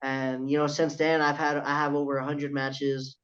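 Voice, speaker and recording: A young man tells a story on a casual podcast, eagerly acting out the other people in it and swearing freely. His voice sits a bit high. The recording sounds dull and lo-fi. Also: little pitch movement, normal speed, a bit bright, clear, resonant tone. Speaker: guest, professional wrestler. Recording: dull lo-fi audio.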